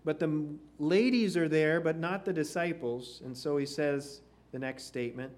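A man's voice: a little high, moderate pace, darkish tone. Man preaching a sermon, emphatic scripture reading. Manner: reads scripture aloud, then explains with rising emphasis. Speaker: pastor.

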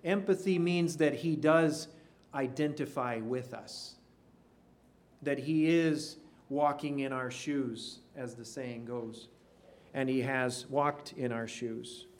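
A man preaching a sermon in an earnest way, sinking to a hush on key phrases. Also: mid-range voice, takes it slowly. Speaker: pastor.

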